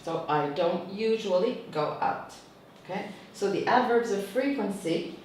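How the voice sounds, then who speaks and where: A woman's voice: mid-range voice, expressive, a little slow, a little mellow, slight background noise. A woman teacher trainer giving a tutorial lecture, explaining patiently and checking in with "okay?" after each point. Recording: echoey room, mic far off.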